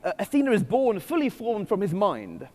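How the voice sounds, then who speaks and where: A man's voice: high voice, huge pitch swings, moderate pace, a little mellow. A man giving a witty, digressive keynote talk at a conference. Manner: witty, digressive, self-deprecating. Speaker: conference speaker. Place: conference hall. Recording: hall reverb from stage.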